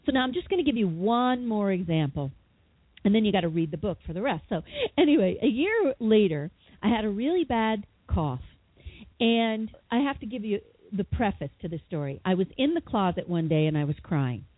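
A woman guest, a psychotherapist and author, telling a personal story with lively, dramatic quoted voices in an interview. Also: medium pitch, moderate pace, slightly rough, dry recording. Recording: tinny phone line.

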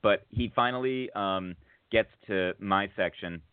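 Low-voiced man rambling through a story. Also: a little slow, clear, resonant tone, no room sound. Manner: rambling, filler-heavy, rises to excited laughter at funny moments. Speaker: podcast co-host. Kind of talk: casual storytelling. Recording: tinny phone-like audio.

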